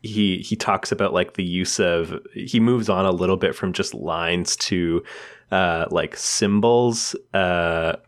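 Guy with a deep voice on a podcast, rambly casual chat, laughs a lot. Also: slow. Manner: chatty, laughs often, many fillers. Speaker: podcast co-host. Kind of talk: casual chat about comics.

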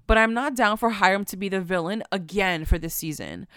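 Female co-host, smooth clear voice, dry close sound, easygoing chat. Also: medium pitch, fairly quick, dry recording. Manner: relaxed, opinionated, uses "like" and "I'm down". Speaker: podcast co-host. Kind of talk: casual chat.

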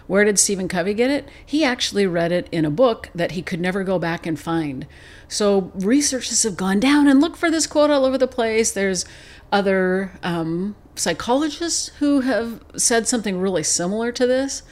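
A middle-aged woman hosting her own podcast, telling a personal story in a lively, reflective way. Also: medium pitch, moderate pace. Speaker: podcast host. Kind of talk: solo podcast talk.

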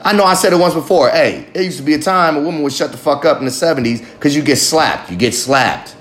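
A man's voice: fairly high pitch, animated, quick pace, a bit bright. A man hosting a podcast, talking in a rambling, profane, emphatic monologue. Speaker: podcast host. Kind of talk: casual monologue.

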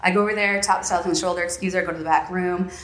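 A woman's voice: lowish voice, steady tone, crowd noise. A woman working in the salon trade, speaking firmly and matter-of-factly in casual podcast chat. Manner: firm, quick-talking, matter-of-fact. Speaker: guest, salon professional. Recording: roomy echo.

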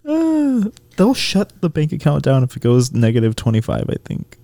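A man's voice: fairly high pitch, huge pitch swings, normal speed, dark tone, no room sound. A young man co-hosting a podcast, chatting casually and candidly, often laughing. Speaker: podcast co-host.

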